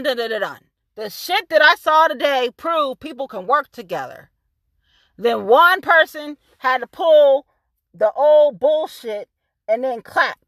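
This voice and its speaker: A woman rants hotly to camera, cursing and hammering every point twice. Her voice sits very high and swings widely. The tone is bright and cutting, and the sound is dry and close. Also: dry recording. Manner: fiery, cursing, repetitive and emphatic. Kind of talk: angry profane rant to camera.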